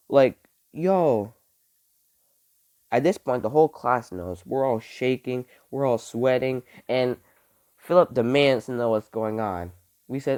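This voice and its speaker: A young man tells a story to his camera in a loose, casual way. His pitch swings up and down a lot as he talks. He swears freely and fills his sentences with "like". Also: normal speed. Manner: animated, swears, heavy use of "like". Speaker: vlogger.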